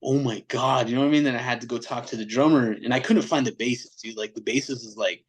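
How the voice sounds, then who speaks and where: A man's voice: mid-range voice, quick pace, breathy edge, poor audio. Slangy man telling a story. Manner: animated, slangy, acts out quotes in other voices. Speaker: metal band vocalist, podcast guest. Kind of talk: casual storytelling chat.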